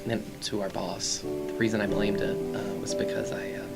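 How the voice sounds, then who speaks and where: A podcast host playing a nervous coworker who confesses love in halting, hushed phrases, in an improvised comedy scene. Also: low voice, level tone, creaky, over loud music, voice pushed down.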